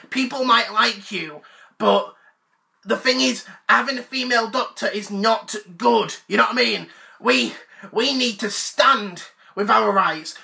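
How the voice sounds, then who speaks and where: A man's voice: high-pitched, gravelly, sharp tone, heavily acted. A man playing an obsessive, whiny adult male sci-fi fanboy who stammers through fillers in a comedy sketch. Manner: indignant, whiny. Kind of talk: comedic rant to camera.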